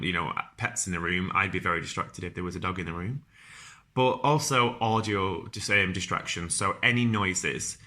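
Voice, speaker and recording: His pitch is fairly low and his tone sharp as this young Northern English podcaster, strongly accented, chats informally about careers, stumbling through frequent ums and false starts.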